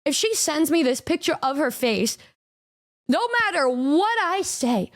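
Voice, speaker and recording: Woman streamer reacting to a clip, high voice, keeps stumbling on her words. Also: lively intonation, a little slow. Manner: stammering, incredulous, profane. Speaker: VTuber streamer. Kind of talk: casual reaction commentary.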